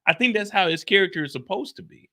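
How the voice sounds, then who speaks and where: A young male streamer with a high-sitting, expressive, pushed and bright voice talks quickly while reviewing a TV episode on a live stream. His loose, chatty style leans heavily on "like" and "you see what I'm saying."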